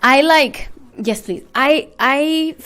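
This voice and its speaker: An American woman podcast co-host chatting casually, giggly and halting, often restarting her sentences. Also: high-pitched, a bit bright. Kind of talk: casual chat.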